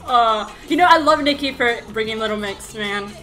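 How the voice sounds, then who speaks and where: A woman's voice: a little high, normal speed, bright, forceful tone, low-quality recording. A young woman vlogger reacting to a music performance, gushing and squealing with laughter. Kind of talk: excited reaction vlog.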